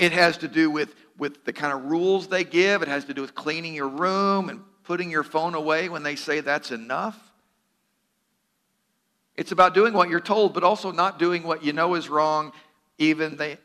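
A man's voice: fairly high pitch, pushed and bright. A man preaching a sermon in an earnest, direct way, with a teasing humor and repeated words for emphasis. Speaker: pastor.

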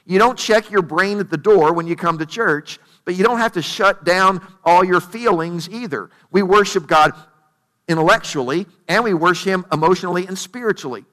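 A pastor delivers a sermon in plain, everyday language with a notably high, bright, forward voice. He narrates the story conversationally, repeatedly posing rhetorical questions, at a moderate pace in a space that sounds like a big room.

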